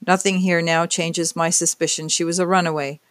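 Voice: medium pitch, little pitch movement, brisk, a bit bright, no echo, natural voice. A narrator voicing a stern, skeptical male police detective who speaks formally and evenly.

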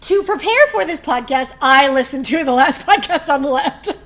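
A woman in her thirties co-hosting a podcast, chatting excitably and gushing. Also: high voice, normal speed. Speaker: podcast co-host. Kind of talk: casual chat.

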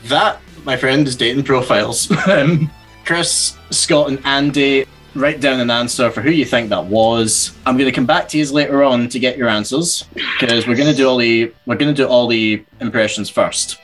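A man hosting an impression game among friends in a relaxed, laughing way. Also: medium pitch, normal speed, faint music behind, rough recording. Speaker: game host.

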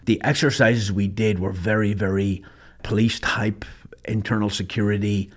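Middle-aged guy from ireland, husky low voice, just chatting blunt and plain, swears a bit. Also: fairly even intonation, normal speed. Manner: blunt, matter-of-fact, casually profane. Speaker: podcast host, former sniper instructor. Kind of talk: casual storytelling monologue.

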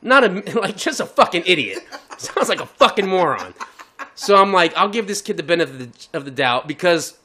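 A man in casual podcast chat, spinning a rant-filled story with profanity in nearly every line. His pitch swings widely as he acts out the tale. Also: a little fast, slight background noise. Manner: profane, animated storytelling with heavy swearing. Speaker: podcast co-host.

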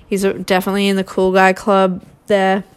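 A woman's voice: medium pitch, completely flat delivery, fairly quick, smooth. A young woman hosting a podcast, recapping a reality show in casual, gossipy chat with exasperated asides.

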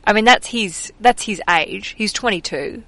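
A woman's voice: mid-range voice, a little slow, bright, forceful tone, dry recording. A young Australian woman hosts her podcast in a casual, rambling way, laughing easily and correcting herself mid-thought. She sits in a car, and the recording is dry and close, with no room sound. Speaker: podcast host. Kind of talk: casual chat.

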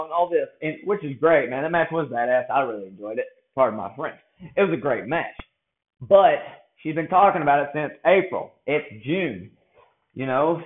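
Guy ranting about wrestling, kinda high voice, sounds like a cheap phone mic. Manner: rambling, blunt, restarts sentences often. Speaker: wrestling commentator giving predictions. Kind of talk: casual opinion monologue. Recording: tinny phone-like audio.

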